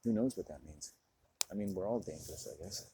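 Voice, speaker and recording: Low-voiced man ranting profanely to camera. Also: brisk, mellow, slight background noise, low-quality recording. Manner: profane, preaching rant; smoking and drinking on camera. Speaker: vlogger. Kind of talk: monologue to camera.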